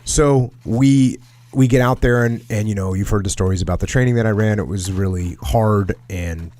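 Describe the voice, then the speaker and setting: A man's voice: lowish voice, moderate pace, a little mellow, a little hiss or hum. A man hosting a podcast, telling a military training story casually with lots of jargon and restarts. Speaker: podcast host.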